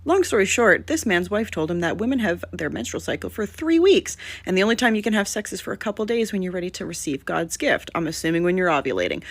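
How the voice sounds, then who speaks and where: A woman's voice: lowish voice, big pitch swings, fast, few pauses, no echo. A woman telling a personal story to camera in a blunt, exasperated way, swearing freely.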